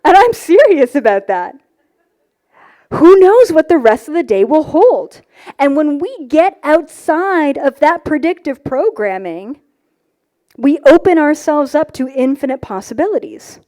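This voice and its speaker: Woman, high voice, spiritual teacher on an expo stage: lively, profane, self-mocking. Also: measured pace. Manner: animated, swearing, self-mocking, laughs often. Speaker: spiritual teacher giving a talk.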